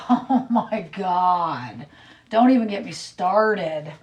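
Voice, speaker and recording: A woman's voice: lowish voice, expressive, extremely slow, darkish tone, husky, muffled recording. A middle-aged woman chatting casually on a livestream, rambling and exasperated as she talks to viewers. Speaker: livestream host.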